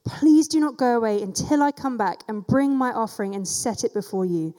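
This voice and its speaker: A woman's voice: on the high side, lively intonation, fairly quick, dark tone, lightly acted. A woman reading the lines of a timid young male farmer who protests politely in a passive-aggressive way, heard in a reverberant hall. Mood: pleading.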